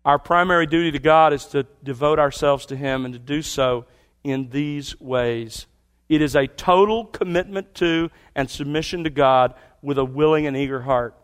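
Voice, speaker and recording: A man preaching a sermon, stressing key words and dropping to quiet asides. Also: a little high, moderate pace, clean tone. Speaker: pastor.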